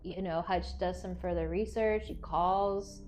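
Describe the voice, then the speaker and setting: A woman's voice: fairly low pitch, fairly even intonation, a little slow, darkish tone, faint music behind, rough recording. A woman co-hosting a casual film review podcast, retelling scenes with animation and acting out the characters' lines. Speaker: podcast co-host.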